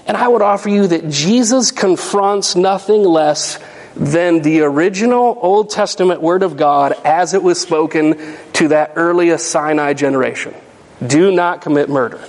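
A man preaching a sermon as pastor, emphatic and animated, asking the congregation rhetorical questions. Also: on the high side, moderate pace. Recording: long hall reverb.

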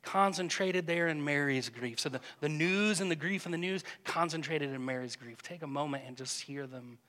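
A man leading a congregation through a guided prayer meditation, speaking gently and hesitantly, often repeating words. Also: fairly high pitch, normal speed. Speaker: pastor. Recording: long reverb of a church hall.

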